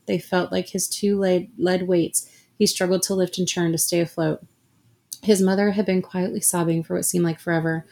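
Gravelly low-voiced woman narrating. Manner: steady, measured storytelling. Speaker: audiobook narrator. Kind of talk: scripted story narration.

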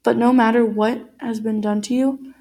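A woman voicing a stern male ship captain, with measured, firm speech. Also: on the high side, little pitch movement, mellow, natural voice, rough recording. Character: stern middle-aged male ship captain, calm authority.

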